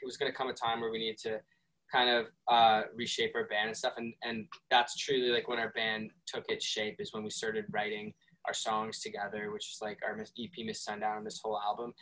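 A man's voice: fairly low pitch, level tone, brisk, bright, forceful tone, rough recording. A young man, a band member, telling a rambling, profane story in a casual interview. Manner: rambling, profane, lots of fillers.

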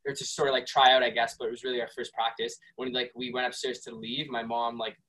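A man's voice: mid-range voice, level tone, fast, pushed and bright, low-quality recording. A young man, a band member, telling a rambling, profane story in a casual interview. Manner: rambling, profane, lots of fillers.

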